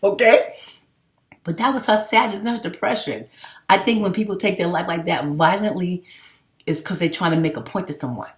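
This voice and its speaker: A woman's voice: lowish voice, a little fast. Middle-aged woman, vlogger, unscripted monologue, rambling, profane, emphatic, echoey room. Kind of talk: casual unscripted monologue to camera. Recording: roomy echo.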